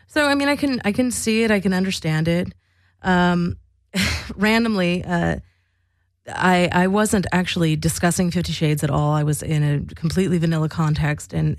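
A woman talks frankly and casually, telling stories with frequent laughs. Her voice is lowish with a gravelly fry. The recording is dry and close. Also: dry recording. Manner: frank, chatty storyteller, laughs often. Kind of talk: casual monologue.

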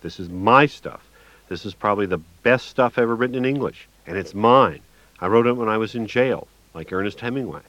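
A man voicing an unhinged, drunk and high jailbird who snarls and screeches in manic outbursts, in a dry, dull audiobook recording. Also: brisk, a bit bright, lightly acted. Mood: boastful. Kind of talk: audiobook narration.

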